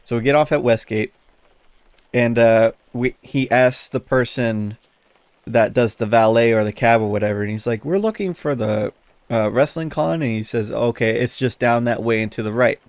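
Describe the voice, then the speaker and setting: A man co-hosting a podcast, telling a story in casual chat, animated, laughing as he talks and swearing often. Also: medium pitch, moderate pace, clear, resonant tone, no room sound. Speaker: podcast co-host.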